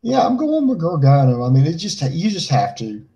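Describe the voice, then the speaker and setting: A man co-hosting a casual podcast, talking things through in a calm, measured way. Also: on the high side, rough recording. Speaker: podcast co-host.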